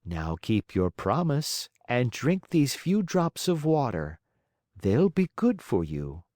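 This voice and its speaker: A man voicing a gentle, patient, motherly fairy who speaks softly and coaxingly in an audiobook. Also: mid-range voice, wildly swooping pitch, slow, no room sound, clean studio sound, pitched above the performer's own voice. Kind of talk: audiobook character voice.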